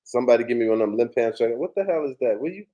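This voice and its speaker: A man co-hosting a live talk show in a mellow, mid-pitched voice. He chimes in casually, chuckling and agreeing in a laid-back way. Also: lively intonation, rapid-fire, muffled recording.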